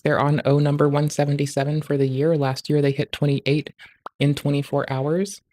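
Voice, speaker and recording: A livestreamer talks through the stream in casual commentary, swearing nonstop. The voice sits at a middling pitch and keeps a crude, ranting edge. It spikes loud and high whenever a rant builds. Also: dry recording. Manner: profane, ranting, crude jokes; rising loud and high in outbursts.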